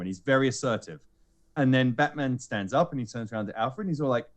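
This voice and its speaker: A man's voice: mid-range voice, brisk. Casual man retelling a film. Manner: animated storyteller acting out lines in character voices. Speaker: podcast co-host recounting a film screening. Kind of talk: casual chat.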